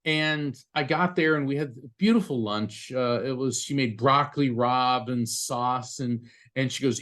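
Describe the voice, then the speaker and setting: A man telling a personal story as a podcast guest, often halting and repeating words as he goes. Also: mid-range voice, fairly bright tone. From United States. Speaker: psychic medium and attorney, podcast guest.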